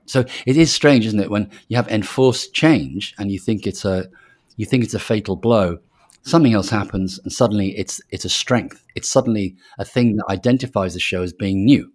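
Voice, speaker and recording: A man in his sixties who grew up in Liverpool, speaking with a softened Liverpool accent as he reflects on his career and tells stories. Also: lowish voice, normal speed. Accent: softened Liverpool English. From Liverpool, England. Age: 60s. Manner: reflective storyteller, acts out quoted voices. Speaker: executive producer guest. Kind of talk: casual interview.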